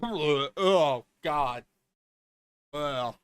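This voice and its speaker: Woman streamer playing a game, crude, joking, very lively intonation. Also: deep voice, very slow, clear, resonant tone, no echo. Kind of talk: casual game let's play.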